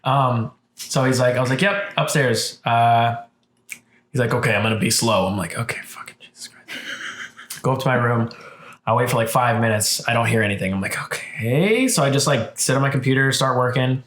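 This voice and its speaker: Speaking fairly quickly over a little hiss or hum, a man co-hosting a podcast tells a lively story full of swearing. His voice is medium in pitch, the room is echoey, and he performs the quotes of people in the tale.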